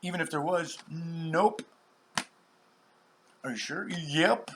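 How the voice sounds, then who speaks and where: A man rambling on in a monologue, acting out other people's voices and swinging between loud outbursts and whispers. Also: a little high, slow, breathy edge. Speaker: channel host.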